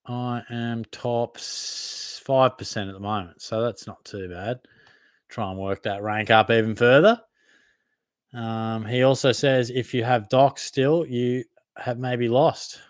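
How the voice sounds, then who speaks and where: Medium in pitch and steady in tone, this young Australian speaks slowly as he hosts a live Q&A for a fantasy football podcast. He reads viewer comments aloud and answers in a casual, matey way, often laughing at himself, in clean studio sound with no room noise.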